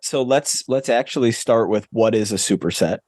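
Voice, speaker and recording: A young man with a mellow, dark, somewhat low voice lays out exercise methods step by step. He sounds dry and matter-of-fact, recorded close in a dead, dry room. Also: moderate pace, no room sound. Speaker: podcast co-host. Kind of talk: casual explaining.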